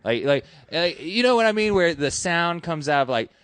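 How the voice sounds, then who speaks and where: A man's voice: fairly high pitch, very animated, normal speed, fairly bright tone, clean tone, dry recording. A man with a Texan accent, a stand-up comedian guest chatting on a podcast in a loose, rambling, profane way with lots of fillers. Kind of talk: casual podcast chat.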